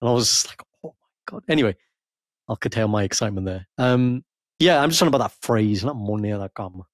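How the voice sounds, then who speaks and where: A man co-hosting a podcast in casual chat, teasing and animated, acting out playful quotes. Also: on the low side, fast talker, no room sound, studio quality. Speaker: podcast co-host.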